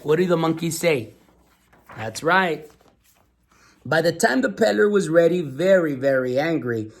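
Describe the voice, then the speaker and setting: A man reading a children's storybook aloud in two languages, pausing to ask his listeners questions in a patient, teacherly way. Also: on the high side. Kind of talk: bilingual storybook read-aloud.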